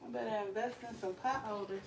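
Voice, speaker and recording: A woman's voice: medium pitch, fairly even intonation, fast, background noise. A woman hosting a casual live cooking stream from her home kitchen, chatting with viewers and reading their comments aloud. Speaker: cooking livestream host.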